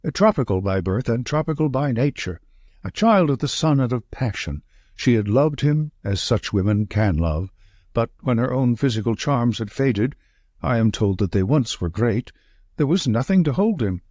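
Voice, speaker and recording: A man's voice: medium pitch, big pitch swings, moderate pace, darkish tone, dry recording, clean studio sound. A man reading the part of a thin, nervous male estate manager in an audiobook, gasping out short sentences. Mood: agitated.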